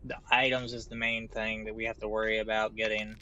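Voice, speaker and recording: A man giving slow, mumbled running commentary while streaming a video game from home. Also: on the low side, flat delivery, sharp tone, highs cut off, a little hiss or hum. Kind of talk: casual live-stream commentary. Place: home room.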